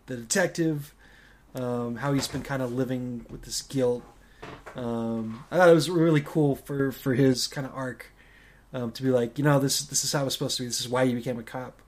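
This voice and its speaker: A man co-hosting a casual movie-discussion podcast, talking in a loose, rambling way with frequent fillers and restarts. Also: medium pitch. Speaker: podcast co-host.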